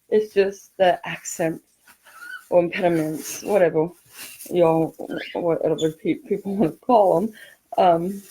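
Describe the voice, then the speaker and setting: A woman's voice: mid-range voice, slight background noise, rough recording. Chatty, laughing California woman host. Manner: rambling, laughs often, animated storytelling. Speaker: craft tutorial host. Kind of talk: chatty crafting tutorial with stories.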